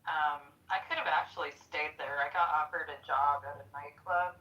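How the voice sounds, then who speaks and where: A woman's voice: low-pitched, steady tone, normal speed, bright, forceful tone, lo-fi sound. A woman in her forties chatting casually in an online audio room, rambling with lots of fillers. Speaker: chat room participant. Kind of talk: casual chat.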